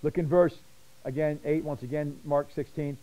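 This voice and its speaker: A male Bible study teacher speaking with rushing, animated passion, words tumbling and repeating as his excitement builds. His voice sits a bit higher than most men's yet has a dark, mellow tone. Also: rough recording.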